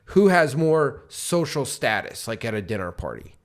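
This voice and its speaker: A man co-hosting a business podcast, teaching with lively examples and acting out rising and falling tones. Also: medium pitch, normal speed. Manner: animated, acts out rising and falling tones to make points. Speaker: podcast co-host. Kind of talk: coaching podcast talk.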